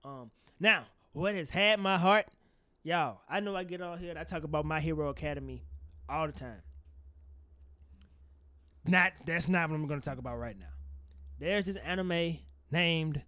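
A high, bright-voiced man holds forth on a casual podcast. He talks animatedly and swears freely. The sound is close and dry. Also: normal speed, pauses often, no echo. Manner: animated, swearing, laughs often. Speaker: podcast co-host. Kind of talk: casual chat.

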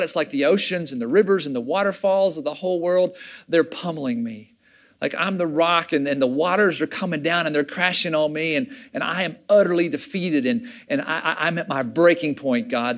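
High-voiced man preaching a casual sermon. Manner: conversational, animated preaching with frequent restarts. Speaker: pastor.

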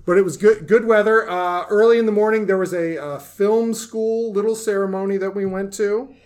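Guy with a high voice, chatty and jokey, telling weekend stories. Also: normal speed. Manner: animated storyteller, jokey. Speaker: co-host. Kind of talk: casual chat.

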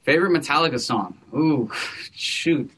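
A man, a musician guest in an interview, talking in an easygoing, relaxed way. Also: on the high side, unhurried, breathy edge. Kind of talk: casual interview.

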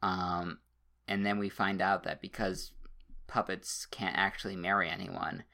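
A man with a fairly low voice and a bright, forceful edge. He co-hosts a podcast and recaps a movie in loose, rambling chat, stumbling over restarts and dropping the occasional swear word. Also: flat delivery, unhurried, gravelly. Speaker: podcast co-host.

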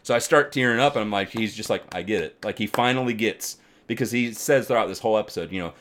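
Male podcast co-host, low voice, loose, excitable and profane, talks in long run-on stretches. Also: fast, a little hiss or hum. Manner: rambling, animated, swears often, many fillers. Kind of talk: casual chat.

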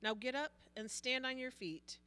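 A woman reading Bible verses aloud during a sermon in a measured, plain way. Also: high-pitched, pushed and bright, clear, resonant tone. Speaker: scripture reader.

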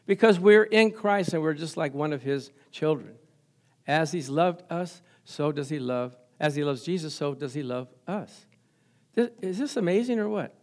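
A male pastor preaching an energetic sermon, often laughing and asking his congregation questions. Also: on the high side, moderate pace.

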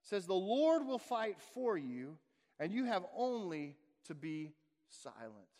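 A pastor preaching a sermon with emphatic delivery, asking rhetorical questions and answering them himself. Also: male voice, high-pitched, very animated, takes it slowly, a little mellow. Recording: long hall reverb.

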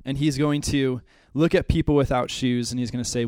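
Earnest pastor, dry close sound. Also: male voice, medium pitch, steady tone, a little fast, no room sound. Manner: earnest, heartfelt storytelling that turns to quiet prayer. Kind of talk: church class welcome and prayer. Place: church classroom.

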